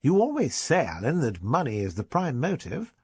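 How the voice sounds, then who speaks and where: Man voicing keen young reporter, brisk, storybook read. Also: medium pitch, huge pitch swings, husky, no echo, voice pushed up, heavily acted. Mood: eager. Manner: brisk, eager. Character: eager, brisk male journalist friend.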